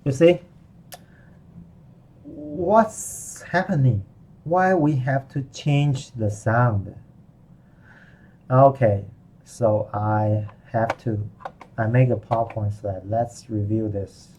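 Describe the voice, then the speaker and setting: A man teaching a live online lesson in English, explaining slowly and repeating himself with frequent "okay"s. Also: mid-range voice, a little mellow, a little hiss or hum. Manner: slow, repetitive explaining with frequent "okay" and restarts. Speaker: Mandarin teacher.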